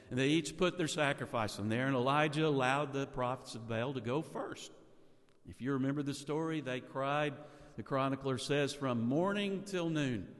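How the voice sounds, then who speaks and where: A man's voice: mid-range voice, in a large hall. A man preaching a sermon, retelling a story with rhetorical questions and repeated words.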